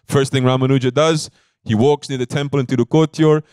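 A man's voice: medium pitch, fairly even intonation, fairly quick, darkish tone, smooth, no room sound, studio quality. A man giving a devotional sermon as a spiritual teacher, telling a story in an emphatic, conversational way and often checking in with his listeners.

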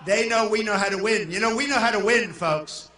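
An older man from New York giving a boastful, rambling rally speech to a crowd and shouting some lines. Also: high voice, a little fast, faint music behind. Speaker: political candidate at a rally. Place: large indoor arena. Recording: echoey hall from far off.

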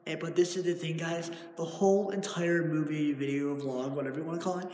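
A man's voice: a little high, fairly even intonation, a little fast, darkish tone. A young man vlogging while walking through an empty house, rambling with many fillers and restarts. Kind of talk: casual vlog. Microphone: handheld device.

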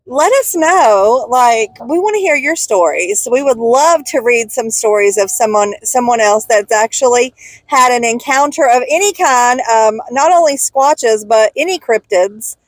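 Brief: woman vlogger, casual, exclaiming, talking from a car at night, bright high pitch. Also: no room sound, poor audio. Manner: excitable, exclaiming. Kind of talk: casual vlog chat.

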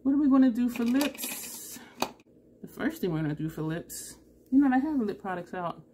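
A woman's voice: a little high, expressive, normal speed, noisy background. A woman vlogger chatting through a makeup tutorial, thinking aloud and correcting herself as she goes. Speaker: beauty vlogger.

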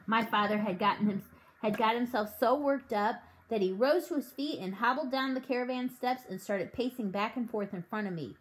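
A woman working as a reading tutor, reading a children's novel aloud in a calm, measured way. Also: on the high side. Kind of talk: audiobook read-aloud.

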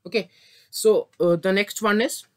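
A man's voice: high voice, steady tone, unhurried, clean tone. A man giving an English vocabulary lesson from a script, sometimes tripping over words and correcting himself. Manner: stumbles and apologizes for slips. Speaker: English teacher.

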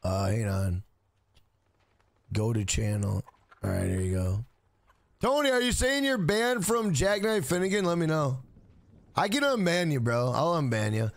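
Gravelly guy streaming games, swearing and joking with chat, dry close mic. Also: fairly high pitch, animated, measured pace, long pauses, no echo. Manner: profane, joking, chatty with chat. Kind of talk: casual gaming livestream chat.

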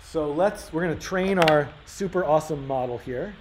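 The live-coding instructor here has a fairly high, somewhat mellow voice and a moderate pace. Thinking out loud, he restarts often and fills pauses, recorded as roomy live-stream audio in a workshop room with faint room noise.

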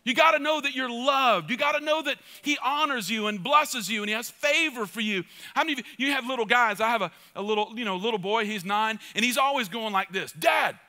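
Repeating phrases to press his points, a middle-aged pastor delivers a passionate sermon at a fairly quick clip with few pauses. His voice is high, bright and sharp-edged, moving between loud, urgent appeals and hushed, intimate asides.

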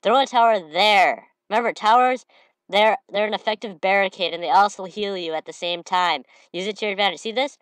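A slightly sniffly woman giving excitable gameplay commentary, breaking into shouted trash talk. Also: medium pitch, quick pace, clean tone, dry recording. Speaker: gamer.

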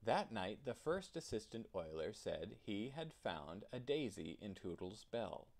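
A man narrating a children's storybook in an expressive storytelling manner. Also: fairly low pitch, unhurried. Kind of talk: children's storybook read-aloud.

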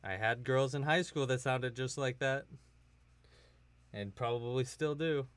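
A man's voice: mid-range voice, unhurried, a bit bright, smooth, no echo. A man from California hosting a casual livestream while crocheting, chatty and jokey, often laughing. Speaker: livestream host.

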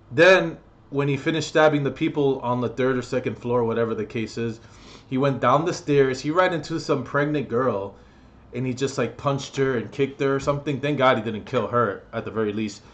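A man's voice: medium pitch, normal speed, a bit bright. A young man telling a story on his vlog in a blunt, rambling, profane way, with lots of fillers. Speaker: vlogger.

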